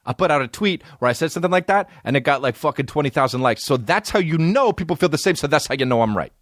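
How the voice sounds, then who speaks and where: A man's voice: fairly high pitch, lively intonation, quick pace, a bit bright, dry recording, studio quality. A man in his forties hosting a podcast, telling profane comic stories and slipping into put-on voices. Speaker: podcast host. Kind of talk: comedic monologue.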